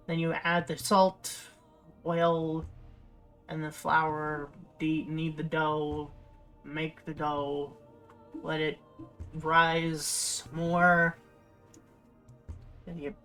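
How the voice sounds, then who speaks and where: A young woman livestreamer talking casually and rambling, full of fillers and self-corrections. Her voice sits fairly low for a woman. Faint game music plays in the background. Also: a bit bright. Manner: rambling, many fillers and restarts. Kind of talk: casual chat while streaming.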